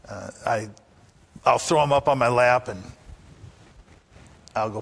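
A man's voice: medium pitch, steady tone, normal speed, gravelly, pauses often, a bit bright. Older man preaching a folksy sermon. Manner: folksy, anecdotal, rhetorical questions to the congregation. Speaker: pastor.

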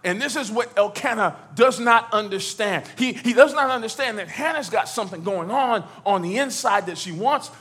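A man preaching a lively sermon in church, swinging from near shouts to low, quiet lines, with stammered repeats and playful asides. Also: normal speed, few pauses, husky. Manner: animated, rises to shouts and drops low.

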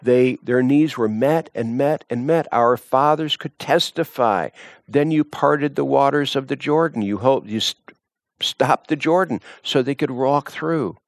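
A male preacher delivers a sermon at an unhurried, measured pace. His voice is recorded dry and close, with no room sound. He moves from calm scripture reading into fervent, high-pitched appeals. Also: no room sound. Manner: slow, deliberate preaching that rises to impassioned high pitch.

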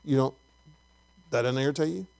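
A man's voice: mid-range voice, brisk, gravelly, darkish tone. A man preaching a conversational sermon to his congregation in church, folksy and full of questions to the people in the pews. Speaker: pastor.

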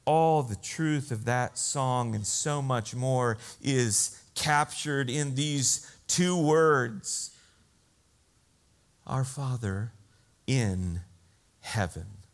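Slow-paced male preacher. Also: medium pitch, clear, resonant tone. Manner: slow, earnest preaching with swells of emphasis. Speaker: pastor. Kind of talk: sermon.

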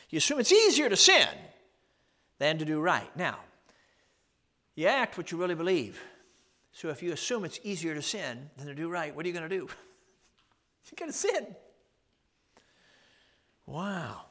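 Preacher, male, high bright voice, chuckling storyteller, rhetorical questions. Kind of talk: sermon.

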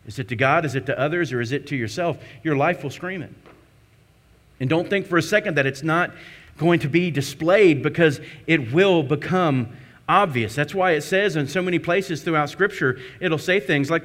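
High, bright-voiced preaching man. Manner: emphatic preaching with repetition and rhetorical questions. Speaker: pastor. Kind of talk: sermon.

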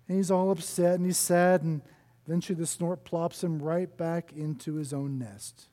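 High-voiced male preacher in a reverberant hall. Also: moderate pace. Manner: animated storytelling, chatty asides to the congregation. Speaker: pastor. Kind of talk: sermon.

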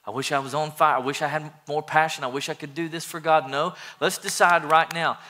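A man preaching a sermon with a bright, forceful, rather high voice. He talks earnestly and with animation, stumbling through restarts as he builds energy. It is pastor-style address to a congregation. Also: fairly even intonation, brisk.

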